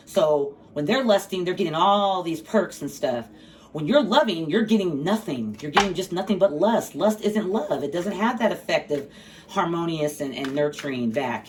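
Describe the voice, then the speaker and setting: A woman's voice: on the low side, a little mellow. A woman giving a casual tarot reading, blunt and profane, with sassy asides. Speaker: tarot reader. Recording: slightly distant mic, faint background noise.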